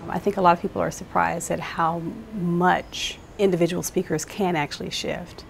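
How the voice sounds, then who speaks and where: A woman speaking calmly and articulately in an interview. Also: on the low side, creaky, a little hiss or hum.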